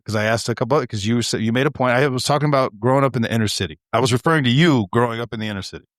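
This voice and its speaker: A man co-hosting a podcast, telling stories in an animated, swearing, laughing casual chat. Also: mid-range voice, very fast, no echo, clean studio sound. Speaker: podcast co-host.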